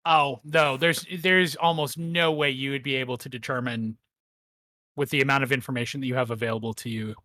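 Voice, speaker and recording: A man narrating as game master of a tabletop game, in a measured, descriptive way. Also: mid-range voice, steady tone, bright, forceful tone, no echo.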